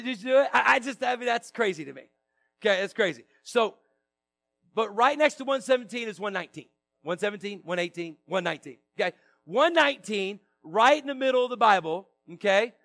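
A man's voice: sits high, fairly bright tone, dry recording. A male pastor reads a long psalm aloud to his church, breaking in with casual, joking asides to the congregation. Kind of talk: sermon with scripture reading. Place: church sanctuary.

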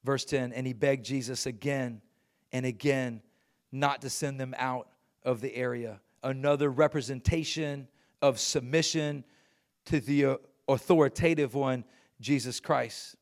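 A middle-aged male pastor preaching a sermon, reading scripture and building to loud, emphatic points. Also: mid-range voice, fairly even intonation, unhurried.

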